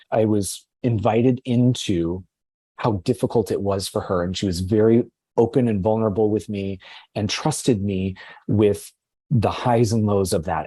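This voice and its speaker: A man who works as a teacher, telling a heartfelt story in a casual podcast talk, halting often and restarting his sentences. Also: lowish voice, dark tone, husky, no echo.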